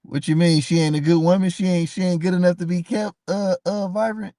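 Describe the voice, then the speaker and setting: A man's voice: high-pitched, steady tone, fairly quick, dark tone, dry recording, clean studio sound. A man hosting a live stream, talking casually and passionately to his chat, calling viewers by name and repeating himself.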